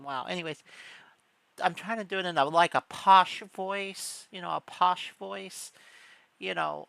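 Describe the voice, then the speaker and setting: A woman's voice: lowish voice, gravelly, pushed and bright, clear, resonant tone, dry recording. A woman streamer giving a rambling, sarcastic reaction commentary on gaming news, often exasperated.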